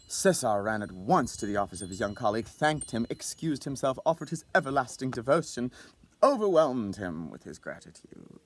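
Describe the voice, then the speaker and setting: A man reading a classic short story aloud as narrator, in an expressive manner. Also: medium pitch, normal speed.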